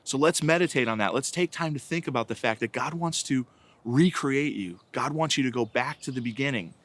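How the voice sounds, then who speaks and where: Casual male catechist, mid-pitch, dry close sound, chatty with lots of tag questions. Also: a little fast, a bit bright, no echo. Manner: conversational, anecdotal, frequent "right?" and "like". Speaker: diocesan director of evangelization. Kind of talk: informal catechetical reflection.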